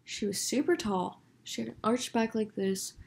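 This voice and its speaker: A young vlogger dramatically recounts clashing with a neighbor, acting out the dialogue in an animated storytime video. She has a slightly high, gravelly voice at a moderate pace, with slight background noise.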